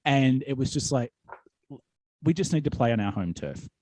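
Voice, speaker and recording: A man's voice: medium pitch, expressive, moderate pace, darkish tone, no room sound. An Australian man, a wrestling commentator, telling stories in a casual podcast chat, rambling with many fillers and restarts. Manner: rambling storyteller with many ums, likes and restarts. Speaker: wrestling commentator and promoter, guest.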